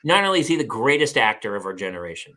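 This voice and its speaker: The California podcast host races along in a medium-pitched voice, keeping the chat casual. His storytelling is lively, and he acts out what other people said.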